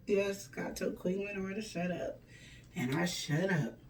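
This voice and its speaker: A woman's voice: medium pitch, a little slow, recorded from a distance, a little hiss or hum. Woman, relationship advice host, folksy and preachy, a little off-mic. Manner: animated, folksy, preachy, acts out quoted lines. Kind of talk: casual advice monologue.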